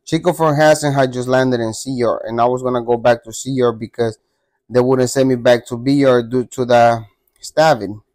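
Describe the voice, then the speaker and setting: A man recounts a story in casual storytelling mode, blunt and full of profane street slang. His voice sits at an ordinary middle pitch. The sound is dry and close. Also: fairly even intonation, normal speed, darkish tone, dry recording.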